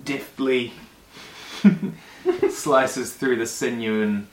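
Male game master, unhurried and hesitant, recorded in an echoey room. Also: medium pitch, lively intonation. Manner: slow, halting narration with many ums. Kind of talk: narrating a tabletop game. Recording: echoey room with faint noise.

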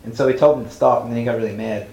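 A man playing a tabletop game, chatty and quick to laugh, talking in character with friends. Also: medium pitch, steady tone, darkish tone, lo-fi sound, a little hiss or hum. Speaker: player. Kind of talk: casual tabletop role-play chat. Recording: echoey room.

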